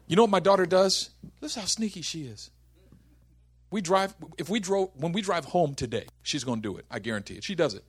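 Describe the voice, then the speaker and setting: Husky, animated, and a little fast, this pastor's voice sits on the high side. The man, in his thirties, tells comic stories about his family during a sermon before rising into fervent preaching.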